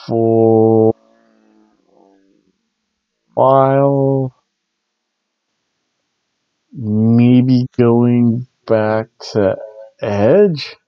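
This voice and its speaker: A man's voice: medium pitch, no echo, lo-fi sound. A man hosting a casual wrestling review show, rambling with jokey asides. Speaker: wrestling review podcast host. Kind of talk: casual recap commentary.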